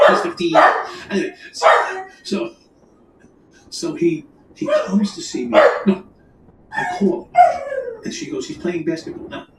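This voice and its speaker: Man, profane rambling storyteller, lively swooping pitch, roomy echo. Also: recorded from a distance, noisy background. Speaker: storyteller guest. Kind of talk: casual crime story chat.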